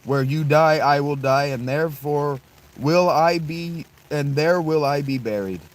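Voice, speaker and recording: A man voicing a loyal young widowed woman who makes an earnest, solemn vow, his pitch raised slightly. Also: a little slow, natural voice, rough recording. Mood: devoted.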